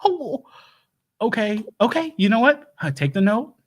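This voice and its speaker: A man's voice: high voice, sing-song, a little slow, exaggerated voice. A man playing a bumbling doomsday prep lecturer and husband, stammering and backpedalling in an improv comedy livestream. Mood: flustered. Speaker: host.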